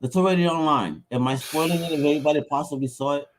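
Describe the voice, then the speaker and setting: A man co-hosting a casual podcast chat, brash and excitable, swearing freely and swinging between loud bursts and low mutters. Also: racing. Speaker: podcast co-host.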